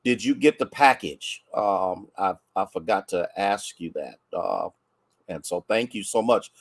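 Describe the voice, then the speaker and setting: An American man, a pastor, chatting warmly with livestream viewers and greeting them by name, a bit congested from sneezing. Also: deep voice, very animated, a little slow, gravelly, no echo.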